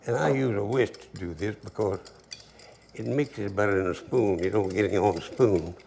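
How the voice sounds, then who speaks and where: Gravelly older man cooking. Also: on the low side, normal speed, very noisy. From Louisiana. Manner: relaxed drawl, storytelling asides. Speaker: cooking show host. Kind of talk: folksy cooking demonstration.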